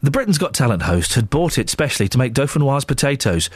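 A man's voice: mid-range voice, very animated, quick pace, breathy edge, no echo. A man presenting a radio show in a studio, reading aloud and joking playfully with his co-hosts. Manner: playful, reads aloud mockingly. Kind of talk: joking breakfast radio chat. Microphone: studio microphone.

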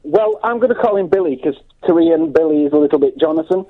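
A man calling in to a radio show, telling deadpan joke one-liners. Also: fairly high pitch, quick pace, no echo, narrow, tinny audio. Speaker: radio caller.

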